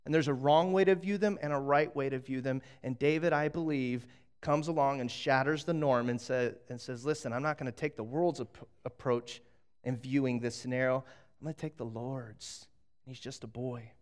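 Animated, smooth-voiced male preacher. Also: medium pitch, moderate pace. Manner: animated storytelling, acts out voices, frequent restarts. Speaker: pastor. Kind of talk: sermon.

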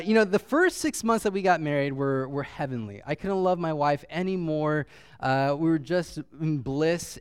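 Man in his thirties, casual storyteller, smooth and a touch high, laughs through his stories. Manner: chatty with frequent fillers, laughing as he talks; heartfelt, chokes up when sentimental. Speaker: speaker sharing a personal story.

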